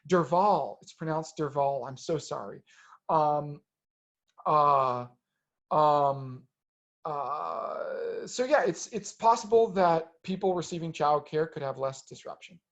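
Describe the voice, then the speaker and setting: A man's voice: fairly high pitch, slow, fairly bright tone. A man answering audience questions in a webinar, hesitant, with many ums and restarts.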